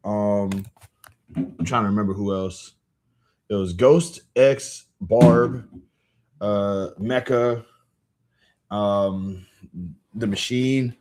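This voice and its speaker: Laid-back rambling male streamer, lowish voice. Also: slight background noise. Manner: rambling, laid-back, many fillers and restarts. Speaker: livestream host reading comics aloud. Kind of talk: casual livestream chat.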